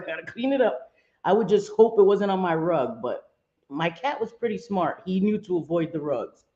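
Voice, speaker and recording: A livestream host talks casually with viewers from her home, dropping in Spanish exclamations now and then. She speaks with a medium-pitched, dark voice, and the audio is dull, lo-fi and echoey.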